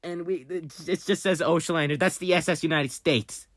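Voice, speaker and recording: A channel host giving casual commentary at a desk microphone while browsing, often mumbling half-words and fillers under the breath, then breaking into sudden loud excited outbursts. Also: mid-range voice, a little fast, no echo, clean studio sound. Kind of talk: casual screen-recorded commentary.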